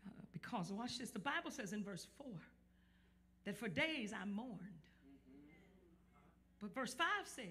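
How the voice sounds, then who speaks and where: A male pastor preaching a sermon to a live church congregation, building up to shouts and teasing the crowd into responding. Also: high-pitched, big pitch swings, unhurried, pauses often.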